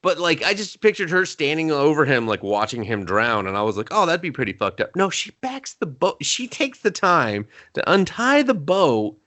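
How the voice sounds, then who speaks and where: Animated, swearing male movie podcaster. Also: on the high side, normal speed, hardly any pauses. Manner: animated, swears often, acts out scenes in voices. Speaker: podcast co-host. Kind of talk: casual film review chat.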